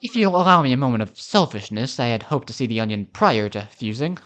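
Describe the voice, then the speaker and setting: A man voicing an excitable female castaway researcher from a video game, eager and formal. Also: mid-range voice, brisk.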